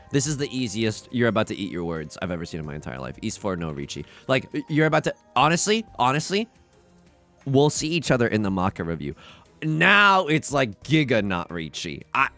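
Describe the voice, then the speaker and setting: A young man commenting on his own online game as he plays, self-mocking and excitable, swinging from mumbled asides to loud outbursts. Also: medium pitch. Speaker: gaming YouTuber. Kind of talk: live commentary while playing.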